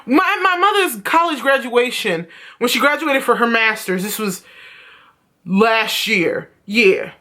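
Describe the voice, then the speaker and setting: A woman's voice: fairly high pitch, expressive, takes it slowly, pushed and bright. A young woman vlogging at home, telling stories in a blunt, profane rant. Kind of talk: casual vlog rant.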